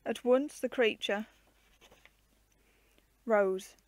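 A woman narrating a classic children's book aloud in a gentle, clear storytelling manner. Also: fairly high pitch, very slow, dry recording.

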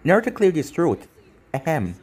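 A man's voice: mid-range voice, very animated, normal speed, slightly rough. A man narrating a fan fiction story in a plain storytelling manner.

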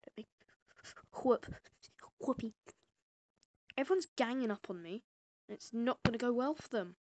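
A woman giving casual gameplay commentary, excitable and prone to loud exclamations, with quiet muttered asides. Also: on the high side, a little slow, lo-fi sound. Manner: excitable, bursts into exclamations and laughs. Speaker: gamer.

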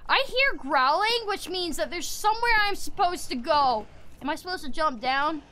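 A young woman streams a game in a bright, high voice that swings widely in pitch. She grumbles in exasperation and breaks into loud, playfully menacing outbursts. Faint background noise sits under her voice. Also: lively intonation, moderate pace. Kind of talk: live gameplay streaming.

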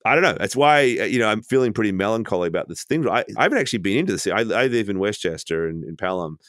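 Low-voiced reflective man, halting speech. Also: lively intonation, fairly bright tone, dry recording, studio quality. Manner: reflective, halting, many restarts. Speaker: podcast guest. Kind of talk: casual conversation. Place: at home.

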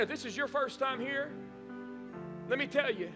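A man's voice: very high voice, normal speed, long reverb tail, music in the background. A male pastor preaching a sermon, emphatic and repeating phrases for emphasis. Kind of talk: live-streamed sermon. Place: church sanctuary.

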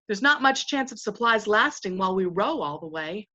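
A woman's voice: mid-range voice, animated, normal speed, sharp tone, muffled recording. A woman voicing a male sailor who questions the voyage in a doubtful way. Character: male sailor, worried about getting home.

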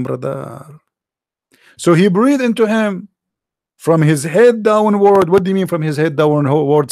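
His voice runs a bit high and a little mellow, with an Arabic accent marking him as a non-native English speaker. He's an online religious commentator reading from a screen in a mocking monologue full of sarcasm and disbelief, mimicking sneezes too. Dry, studio-quality recording.

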